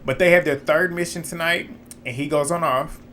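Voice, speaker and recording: A man's voice: a little high, steady tone, moderate pace, a bit bright, a little hiss or hum. Chatty, blunt man recapping reality TV. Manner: chatty, blunt, swears freely, laughs often. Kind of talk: casual episode recap.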